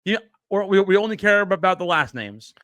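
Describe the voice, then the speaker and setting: A man's voice: sits high, animated, brisk, a bit bright, dry recording, clean studio sound. A man co-hosting a casual podcast, who teases the other host and quizzes him.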